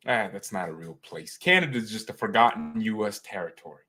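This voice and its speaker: A man hosting a fan live stream, rambling and joking with chat, swinging from calm talk to loud excited outbursts. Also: lowish voice, fairly quick, hardly any pauses.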